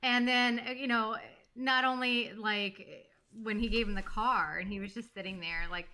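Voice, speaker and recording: Bright-voiced woman sharing film trivia. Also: on the high side, steady tone, normal speed, slight background noise. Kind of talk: casual movie review chat.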